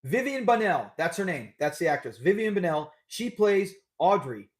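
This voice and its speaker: Upbeat male live-stream host, high voice, loose and chatty. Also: big pitch swings, normal speed. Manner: chatty, upbeat, laughs often. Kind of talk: casual live-stream chat.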